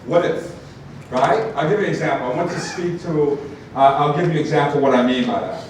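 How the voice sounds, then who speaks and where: A man's voice: fairly high pitch, brisk. Man speaking in an echoey hall. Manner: storytelling, animated, many asides like "right?". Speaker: motivational speaker. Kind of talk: live talk to an audience. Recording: echoey hall from far off, noisy.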